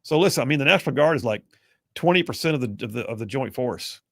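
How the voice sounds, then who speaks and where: A man hosting a talk radio show, energetic and folksy. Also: mid-range voice, quick pace, no room sound, studio quality. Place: radio studio.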